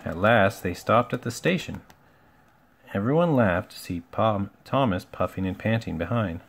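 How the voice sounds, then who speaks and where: A man reading a children's picture book aloud in a relaxed, homely way, with small slips and asides. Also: fairly low pitch, normal speed, creaky, slight background noise. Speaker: storybook reader.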